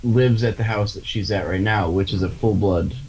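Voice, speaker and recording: Male podcast co-host, lowish voice, rambling and hesitant. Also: normal speed, a little mellow, a little hiss or hum, poor audio. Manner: rambling, hesitant, restarts often with fillers and occasional swearing. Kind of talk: casual chat.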